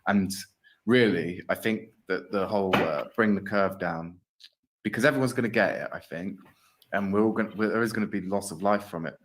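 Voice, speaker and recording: Guy in an interview clip, lowish voice, rambles with likes and uhs. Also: brisk, slight background noise. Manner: rambling, many fillers. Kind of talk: casual interview chat.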